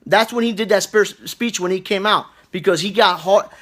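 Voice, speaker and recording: A man's voice: high-pitched, fairly bright tone. Blunt, profane man ranting live. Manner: blunt, profane, rapid-fire talk. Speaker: political livestream host. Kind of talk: profane casual rant to viewers.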